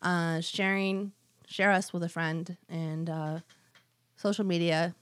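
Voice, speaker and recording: A woman's voice: fairly low pitch, steady tone, slow, clean tone, dry recording. Giggly rambling woman podcast co-host. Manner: giggly, rambling, self-mocking. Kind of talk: casual chat.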